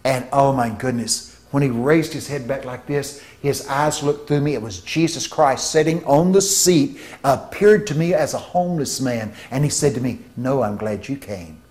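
A man preaching a sermon, telling stories with vocal sound effects and swinging between hushed tones and shouts. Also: medium pitch, moderate pace, few pauses. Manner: shifts from hushed to shouting for emphasis.

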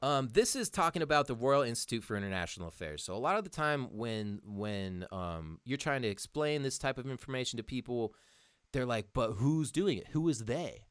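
In a studio-quality recording with no room sound, a young podcast host rants heatedly, swears a lot, and keeps calling listeners "dude" while reading articles aloud in a casual monologue. His mid-range voice is animated, fairly quick, fairly bright, and smooth.

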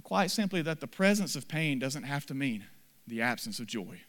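A man pastor delivering a sermon in earnest, with repeated short phrases, swinging from soft, low passages to loud ones. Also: big pitch swings, moderate pace.

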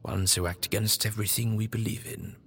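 A man voicing a scheming old male doctor with a smooth, persuasive way of talking, often hushed. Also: on the low side, fairly even intonation, brisk, pitched below the performer's own voice, heavily acted. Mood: wistful. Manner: soft-spoken, coaxing. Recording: long reverb, faint music behind.

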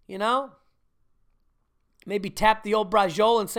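A man's voice: high-pitched, moderate pace, pauses often, a bit bright. A middle-aged man hosting a podcast, telling profane, self-mocking stories in a rambling casual monologue. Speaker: podcast host.

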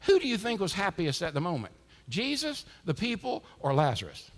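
A man preaching a sermon as a pastor, swinging between loud, emphatic lines and hushed ones. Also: high voice, big pitch swings, fairly quick. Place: church sanctuary with a congregation. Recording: long reverb from a large hall.

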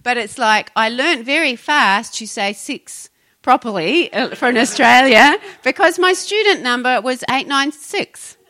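Middle-aged New Zealand woman pastor, bright tone, chatty and giggly podcast delivery. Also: sits high, lively intonation, moderate pace, few pauses. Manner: chatty, laughs often, trails off mid-sentence. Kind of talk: casual Christian podcast talk.

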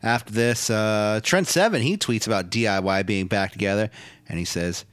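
Male podcast co-host, lowish voice, relaxed filler-heavy recapper, dry room. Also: moderate pace, no echo. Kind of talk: casual recap chat.

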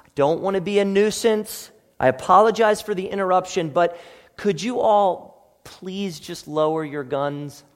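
A man voicing an overly polite, apologetic male police officer, in a hall with long echo. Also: sits high. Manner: timid, apologetic, hesitant.

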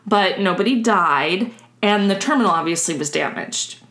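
A woman's voice: mid-range voice, animated, moderate pace, fairly bright tone. A woman co-hosting a podcast, telling a story in a casual, chatty way and laughing often. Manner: chatty, laughs often, restarts while explaining. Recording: roomy echo.

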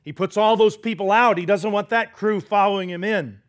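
Pastor, male, high voice, dramatic storytelling sermon with hushed asides. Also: moderate pace. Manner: dramatic storytelling, drops to a hush for quoted words; leads the congregation in call-and-response.

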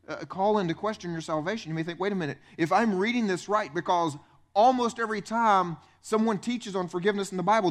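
A man preaching a sermon as pastor in a church, animated and conversational, acting out the voices of the people in his stories. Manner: animated, acts out quoted voices with big pitch swings.

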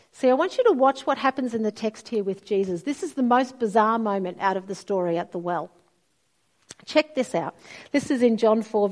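A middle-aged woman, preaching a sermon and telling stories expressively. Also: mid-range voice. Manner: storytelling, expressive, acts out quoted voices.

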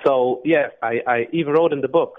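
A man's voice: mid-range voice, a little fast, narrow, tinny audio. A man who is a guest singer on a radio interview, telling a story with animation and acting out the quotes. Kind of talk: casual radio interview chat.

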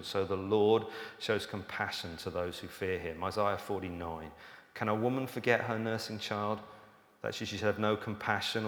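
A man's voice: fairly low pitch, fairly bright tone. A man preaching a sermon in a conversational, emphatic way. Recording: echoey hall, room reverb.

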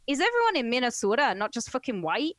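A woman's voice: a little high, sing-song, quick pace, fairly bright tone, dry recording. A woman co-hosting a podcast in casual comedic chat, blunt and crude, laughing often. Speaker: podcast co-host.

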